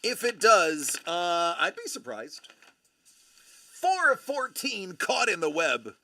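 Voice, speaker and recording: A man hosting a live stream, excitedly opening trading cards and exclaiming over each one. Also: sits high, slow pace, no room sound. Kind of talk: live-stream card breaking.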